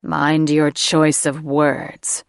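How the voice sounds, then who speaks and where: Storybook lead: a woman playing a protective dragon-shifter man, low, slow and growling, with a gravelly edge. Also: steady tone, no echo, clean studio sound, heavily acted. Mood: stern.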